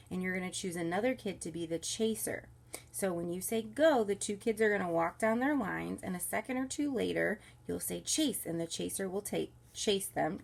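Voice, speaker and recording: A woman's voice: lowish voice, creaky. A woman who leads children's ministry, walking volunteer small group leaders through the week's kindergarten lesson in an upbeat, instructive way. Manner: soothes a baby softly mid-lesson. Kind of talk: recorded training walkthrough for volunteers. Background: crying baby.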